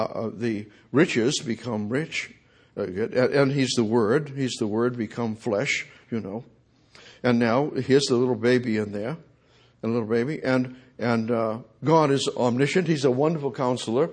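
A man preaching a sermon, swinging from loud, booming declarations to hushed asides and addressing God directly. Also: slightly rough.

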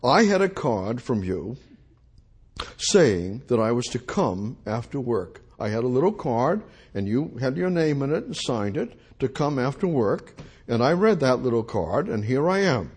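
A man's voice: mid-range voice, big pitch swings, a little slow, a little mellow, husky. A man preaching a sermon, voicing a humble, earnest male foreman who speaks plainly. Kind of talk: sermon storytelling.

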